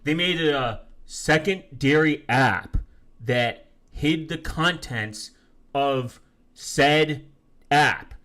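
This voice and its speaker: A man live-streaming in a casual, profane rant, reading viewer comments aloud and quickly flaring up as he rebuts them. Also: a little high, pushed and bright. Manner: profane, quick to flare up angrily. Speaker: live streamer answering chat.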